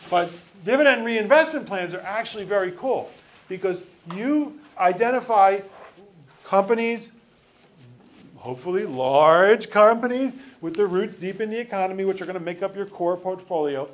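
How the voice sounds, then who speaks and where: A man's voice: high voice, expressive, normal speed. A male teacher giving a classroom lecture, joking with students and correcting himself as he rambles.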